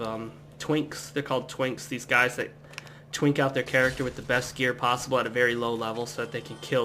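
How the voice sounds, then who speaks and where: A young adult man from the United States giving relaxed, rambling commentary as he plays a game at home. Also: mid-range voice, slight background noise. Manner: relaxed, rambling, chatty asides. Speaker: gameplay commentator. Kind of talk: casual let's-play commentary.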